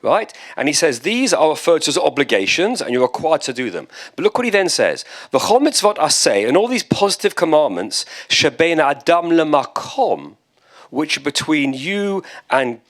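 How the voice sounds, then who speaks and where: A British man, a rabbi, teaching a text-study class in a conversational, lively way with asides and jokes. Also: on the high side, moderate pace. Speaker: rabbi and lecturer.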